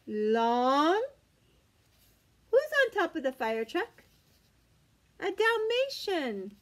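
A young woman teacher reads a picture book aloud to little children. Her voice sits high and she takes her time. She gasps and stretches words in a sing-song tone full of wonder. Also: very animated, very slow, pauses often. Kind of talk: read-aloud storytime.

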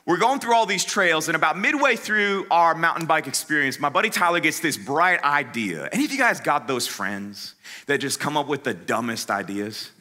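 A man speaking at a youth conference, telling a humorous story in casual slang, swinging from loud to hushed and talking straight to the crowd. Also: a little high, normal speed. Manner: animated, dramatic swings between loud and hushed.

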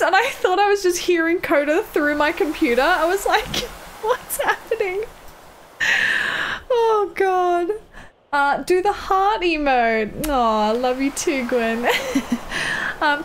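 There's a faint hiss or hum behind this high-pitched woman as she streams a game. She keeps up a casual chat with her viewers, laughing frequently.

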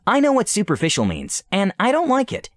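A man puts on a spirited young princess from a storybook adventure, raised well above his own pitch. She sounds bouncy and impulsive, with a lively, swooping melody. The voice is dry and close. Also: fairly quick, no room sound. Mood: eager, playful. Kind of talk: storybook role-play reading.

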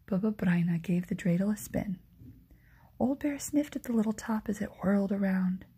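A woman reading a children's story aloud in a hushed, gentle ASMR whisper. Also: mid-range voice, animated, moderate pace. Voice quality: breathy whisper.

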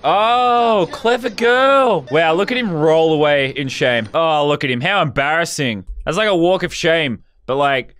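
A man's voice: a little high, moderate pace, hardly any pauses, a bit bright. A man with an Australian accent giving profane, brash comedic reaction commentary as a YouTuber.

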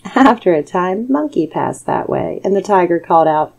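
A woman tells a bedtime story in a soothing, measured voice meant to lull listeners to sleep. Her tone is low-set and mellow, with nothing sharp in it. It sounds like a close studio voice-over. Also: lively intonation, low-quality recording. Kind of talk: calm bedtime story narration.

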